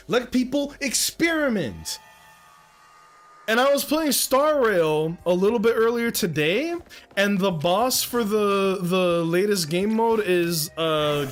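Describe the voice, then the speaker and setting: Young man, streamer, high-pitched, profane, heated rant, faint background music. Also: a bit bright. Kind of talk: casual livestream rant.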